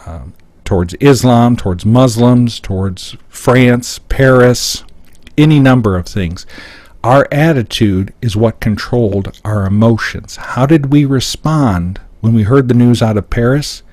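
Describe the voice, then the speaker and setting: A man's voice: medium pitch, a little slow, darkish tone, no room sound. A middle-aged American man giving a live seminar, explaining points on his slides step by step. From United States. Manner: explanatory, walks through points on a screen. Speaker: seminar speaker.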